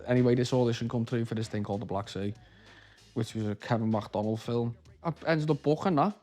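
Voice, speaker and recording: A man in his thirties from Liverpool with a Liverpool accent, telling stories from his acting career in a relaxed interview, rambling and restarting often. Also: a little high. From Liverpool, England. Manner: rambling, many restarts and "you know", local slang. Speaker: actor, interview guest.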